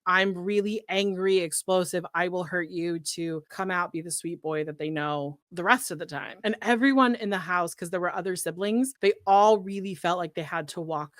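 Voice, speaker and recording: A woman co-hosting a podcast, recapping a show in casual chat, full of "like" and quick laughs. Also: on the low side, no echo, clean studio sound. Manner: chatty, heavy use of "like", laughs often.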